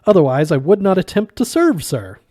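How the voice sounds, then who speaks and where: A man's voice: high voice, big pitch swings, brisk, warm tone, no echo, studio quality, voice pushed up. A man voicing a small, wizened green alien waiter who is coldly polite and a little sarcastic. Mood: prim politeness. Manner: prim, over-polite, clipped.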